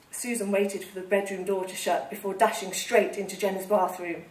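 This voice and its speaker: A woman author reading her comic novel aloud at a live salon, with lively, amused storytelling. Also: mid-range voice, fairly quick, few pauses. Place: literary salon with a live audience. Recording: echoey room, distant mic, audience laughter.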